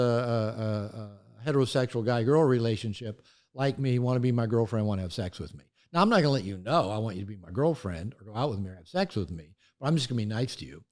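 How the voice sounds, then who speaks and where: An older man, an author and therapist, talking candidly in an interview and acting out quoted voices as he tells stories. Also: mid-range voice. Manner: animated storytelling, acts out quoted voices.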